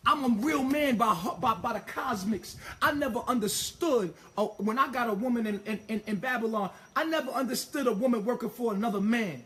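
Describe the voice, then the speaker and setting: A man's voice: very high voice, fairly quick, hardly any pauses, fairly bright tone. A man delivering an impassioned, profane monologue, emphatic and ranting, tripping over repeated words as he pushes his point.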